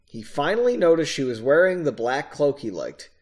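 Lively man reading with self-mocking asides. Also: fairly high pitch, moderate pace. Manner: casual, self-mocking asides between passages. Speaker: reader of his own novel. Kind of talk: reading a story aloud with off-the-cuff asides.

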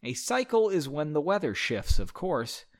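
A man's voice: a little high, very animated, moderate pace. A man voicing an airy, friendly, otherworldly woman spirit in a read-aloud story. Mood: gentle airy.

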